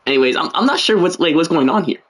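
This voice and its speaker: A man's voice: on the high side, lively intonation, fast, fairly bright tone. A young man giving casual, joking play-by-play commentary on a livestreamed game, full of slangy asides and rambling.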